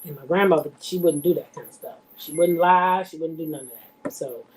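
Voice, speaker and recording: A woman's voice: low-pitched, brisk, darkish tone, slight background noise. A woman vlogger telling stories and commenting in a blunt, profane, emphatic way while talking straight to her viewers. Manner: addresses viewers directly. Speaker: vlogger reacting to reality TV. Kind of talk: casual storytelling commentary.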